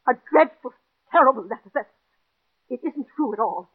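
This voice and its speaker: A desperate, jealous wife in an old radio play who begs breathlessly and in an overwrought way. Her voice is very high and husky, and it comes through a tinny, narrow broadcast sound. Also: expressive, normal speed. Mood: anxious. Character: distraught jealous middle-aged wife, neurotic. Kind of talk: 1940s radio acting.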